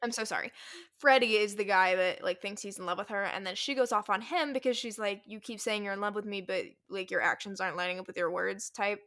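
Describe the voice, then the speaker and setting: A woman co-hosting a podcast, chatting casually and retelling a romance novel's plot with lively acted-out quotes. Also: medium pitch, fast. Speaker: podcast co-host.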